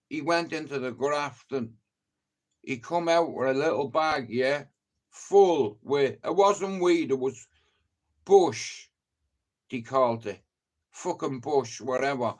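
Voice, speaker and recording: Slow, with long pauses and a darkish tone, this mid-range voice belongs to a middle-aged Dublin man. He's telling rambling, profane stories to his live stream audience, leaning heavily on "you know."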